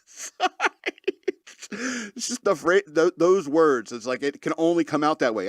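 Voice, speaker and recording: A man's voice: fairly high pitch, lively intonation, unhurried, pauses often, no room sound, studio quality. A man hosting a podcast, joking sarcastically through news stories and laughing often mid-sentence. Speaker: podcast host. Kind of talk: casual comedic commentary on news.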